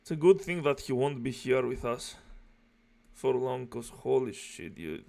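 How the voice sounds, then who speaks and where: A man's voice: medium pitch, expressive, unhurried, vocal fry, a little mellow. A man doing reaction commentary in aggressive, profane, mocking rants.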